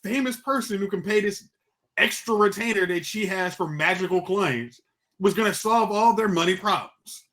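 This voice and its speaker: A man's voice: high voice, moderate pace, a bit bright. A man co-hosting a casual movie review chat who repeats himself and slips into playful mock dialogue. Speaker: podcast co-host.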